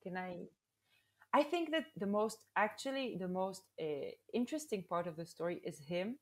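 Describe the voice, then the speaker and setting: A woman guest on a podcast in casual chat, playful and quick with jokes. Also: medium pitch, expressive.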